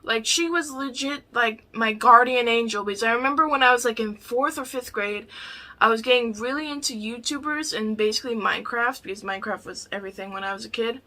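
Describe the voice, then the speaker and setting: A woman's voice: a little high, fairly quick, pushed and bright. A young woman talking in a casual solo vlog, rambling and frank, with lots of "like" fillers and some swearing. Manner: heavy use of "like" fillers. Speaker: vlogger.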